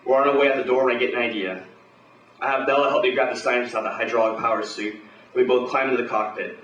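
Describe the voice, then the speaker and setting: A man tells a pulp action tale aloud in a gruff, swaggering way, cursing freely and talking like a hardboiled hero. His voice sits at a middle pitch. The sound is roomy and distant from the mic, with a faint noise behind it. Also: steady tone, fast, fairly bright tone, lo-fi sound. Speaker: storyteller.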